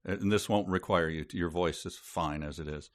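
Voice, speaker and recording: Deep-voiced man, wry podcast host. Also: moderate pace, dry recording. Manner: wry, amused, dry asides. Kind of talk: casual chat, reading passages aloud.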